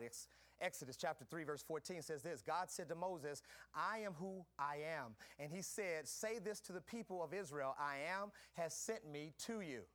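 High, bright-voiced male preacher. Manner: preaching with call-and-response, swinging from soft to shouting. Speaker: pastor. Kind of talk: sermon.

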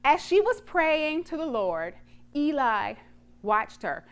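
A woman preacher retelling a Bible story in a sermon, dramatic and lively with touches of humor. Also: high voice, slow.

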